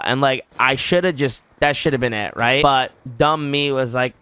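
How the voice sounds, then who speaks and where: A man's voice: medium pitch, moderate pace, sharp tone, clean tone. A young man telling a personal story casually on his channel, with many fillers and quoted back-and-forth. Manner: loose, filler-heavy retelling with quoted dialogue. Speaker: video host.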